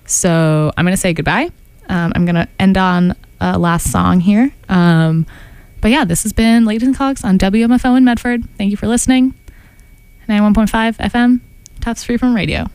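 A young woman signs off her college radio show in a loose, chatty way. Her voice sits in a middle pitch and she rambles easily, filling pauses with "um"s. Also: darkish tone, clear, resonant tone, no room sound. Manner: chatty, loose, many fillers. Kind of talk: casual radio sign-off chat. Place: radio studio.

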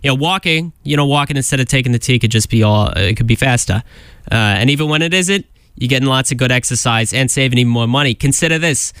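A man's voice: medium pitch, quick pace, fairly bright tone, clean tone, dry recording, clean studio sound, close to an everyday voice. A man voicing a hammy Boston local who jokily reads a public service announcement in an exaggerated Boston accent, rambling with fillers and restarts. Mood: goofing. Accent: Boston, put on. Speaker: college radio DJ.

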